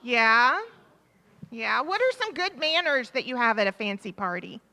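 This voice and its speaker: Lively high-voiced woman leading a children's talk. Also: unhurried. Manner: animated, encouraging, asks children questions and repeats their answers. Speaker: leader of a children's time in a church service. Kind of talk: interactive children's talk with questions. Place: church sanctuary. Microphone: microphone. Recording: reverberant church hall.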